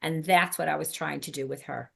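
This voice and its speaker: A woman's voice: low-pitched, fairly even intonation, a little fast, creaky, breathy edge. A woman leading a workshop for birth helpers, talking casually with many ums and restarts. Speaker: doula trainer. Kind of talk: workshop teaching.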